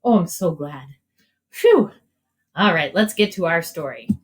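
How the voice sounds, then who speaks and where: A woman in her forties leading a children's storytime, talking gently in a sing-song way and reading a picture book aloud. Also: sits low, animated, normal speed, a little hiss or hum, poor audio. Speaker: children's librarian. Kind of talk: storytime reading and singing for kids.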